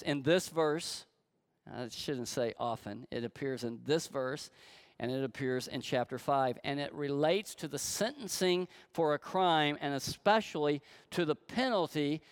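A man preaching a sermon to his church, emphatic and slowing on key words. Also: on the high side, no echo, clean studio sound. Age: adult, grew up in church. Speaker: pastor.

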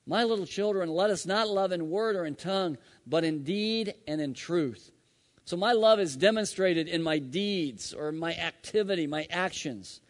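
Male pastor, slightly high voice, preaching a story-driven sermon in a church with long reverb. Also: normal speed. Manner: storytelling, swings from loud to hushed.

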